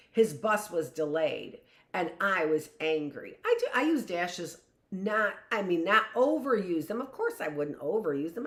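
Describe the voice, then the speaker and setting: With a medium-pitched, slightly bright voice in a reverberant space, a middle-aged female teacher gives young kids a live reading lesson. She speaks slowly and emphatically, repeats important phrases, and asks "right?" to check in.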